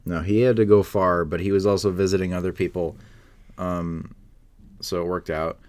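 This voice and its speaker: A man's voice: low voice, little pitch movement, normal speed, a little mellow. A young man from Oklahoma, a podcast guest chatting casually in a dry, matter-of-fact way.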